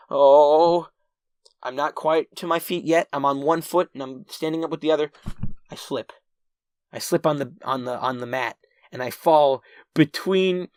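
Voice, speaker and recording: Here a somewhat high male voice comes through a dry, clean studio recording. The channel's featured storyteller rambles casually through a personal story to camera, with restarts and "right?" asides, animatedly playing out his own earlier panic.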